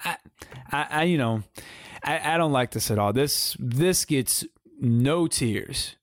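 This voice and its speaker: A man's voice: medium pitch, expressive, slow pace, no echo, studio quality. A man co-hosting a podcast, chatting casually about wrestling in an emphatic, slangy way, often repeating himself. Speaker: podcast co-host. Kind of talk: casual wrestling review chat.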